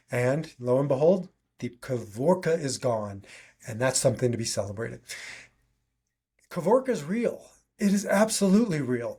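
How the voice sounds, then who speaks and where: A man's voice: medium pitch, a little mellow. A man hosting a solo podcast, talking earnestly and conversationally with frequent restarts. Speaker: podcast host.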